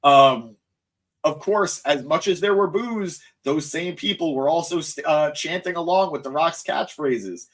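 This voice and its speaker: A man's voice: fairly high pitch, a little slow. A man hosting a live wrestling recap stream, rambling and easily sidetracked as he reacts to chat, sounding tired. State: tired, voice cracking. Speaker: wrestling show host.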